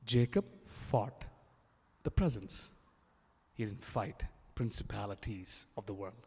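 A man's voice: fairly low pitch, slow, a little mellow, husky. A man from India with an Indian accent, preaching a sermon in a fervent, repetitive way, often restarting his phrases. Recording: long reverb of a large hall.

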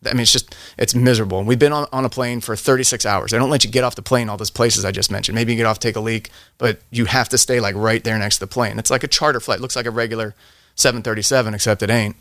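A man's voice: lowish voice, steady tone, fast, fairly bright tone, dry recording, studio quality. A middle-aged man, a veteran guest on a podcast, telling a long story in a rambling way, often restarting his sentences and laughing. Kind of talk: casual storytelling.

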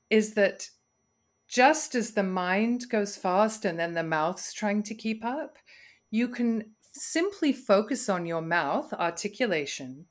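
A woman, a communication coach guesting on a podcast, speaking in a measured, instructive way with deliberate breaths and pauses. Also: mid-range voice.

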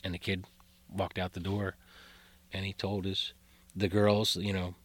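Rambling low-voiced man telling stories. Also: completely flat delivery, a little slow, dry recording. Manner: rambling, full of fillers and restarts. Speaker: guest storyteller. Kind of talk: casual spoken storytelling.

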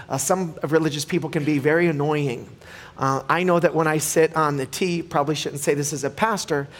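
Male pastor, casual sermon, story-driven, halting restarts, slightly higher voice. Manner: animated when telling stories. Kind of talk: conversational sermon.

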